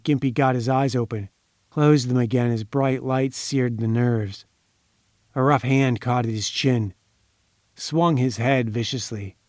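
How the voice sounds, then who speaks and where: A man narrating a pulp crime story in a measured, dramatic way. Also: medium pitch, dry recording, clean studio sound.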